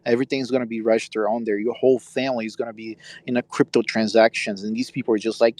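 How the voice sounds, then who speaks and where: A speaker rants in a live online audio room at a middle pitch, sounding close and dry through a phone. The tone stays scornful and sneering throughout. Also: flat delivery, fast talker, hardly any pauses, a little mellow, dry recording. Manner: scornful, ranting. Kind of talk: ranting casual chat. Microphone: phone mic in an online audio room.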